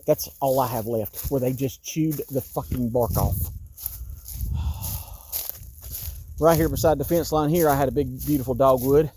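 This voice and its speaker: A man's voice: medium pitch, measured pace, pauses often, mellow, a little hiss or hum. A man in his fifties walking outdoors through his wooded yard, talking in an agitated, exasperated rant that repeats itself. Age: 50s. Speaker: vlogger. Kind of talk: walking-tour vlog rant.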